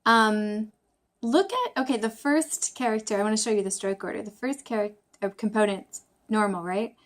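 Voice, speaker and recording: A woman's voice: mid-range voice, moderate pace. A woman talking casually to camera in a study vlog, thinking aloud, joking about her own mistakes, with frequent fillers and restarts. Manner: chatty, self-deprecating, thinking aloud with fillers. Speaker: language-learning vlogger.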